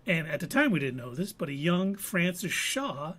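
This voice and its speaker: A man's voice: on the high side, sing-song, moderate pace, a bit bright. A man co-hosting a casual live show, recapping an episode with playful puns. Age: adult veteran. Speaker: co-host. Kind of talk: casual podcast chat.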